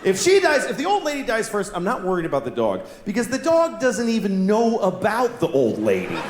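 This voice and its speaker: A middle-aged man doing a stand-up routine, telling stories in an animated, exasperated way with plenty of cursing. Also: sits high, a little fast, echoey room. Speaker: stand-up comedian.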